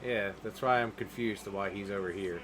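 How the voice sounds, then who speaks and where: A man's voice: brisk, over music. A young man playing a game and trading dry jokes with his co-host. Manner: wry, joking, swoops between high and low. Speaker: gaming co-host. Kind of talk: casual let's-play chat.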